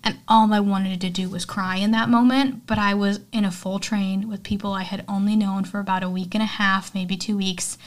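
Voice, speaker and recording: A young woman hosts a casual film recap podcast at a medium pitch. She talks in a chatty, candid way and fills her sentences with "um" and "like". Her tone is heartfelt. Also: fairly even intonation, moderate pace, few pauses. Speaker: podcast host.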